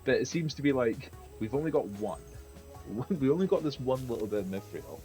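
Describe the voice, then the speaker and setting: A man's voice: medium pitch, big pitch swings, moderate pace, a little mellow, faint music behind. A man chatting casually and rambling, laughing and swearing as he goes. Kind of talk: casual chat.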